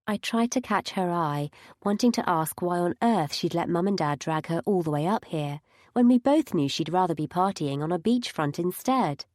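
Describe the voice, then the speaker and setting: A woman's voice: on the low side, lively intonation, moderate pace, a little mellow, no room sound. A woman narrating a first-person audiobook with wry, dry humour.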